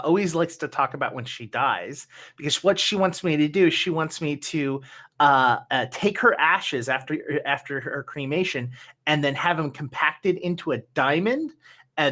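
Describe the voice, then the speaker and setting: A young man hosting a tabletop game stream, chatting casually before play with many halting restarts. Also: a little high, bright, forceful tone. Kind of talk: casual pre-show chat.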